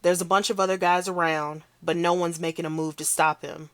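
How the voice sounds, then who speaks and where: A woman's voice: lowish voice, level tone, brisk, smooth, no echo, natural voice. A woman reading aloud as a big, tough-talking man telling his story in a brash, swaggering first person. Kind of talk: read-aloud novel.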